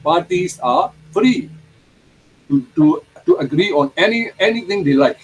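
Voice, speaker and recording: A man lecturing a university law class, explaining terms slowly, repeating them and putting questions to the students. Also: sits high, expressive, slightly rough, low-quality recording.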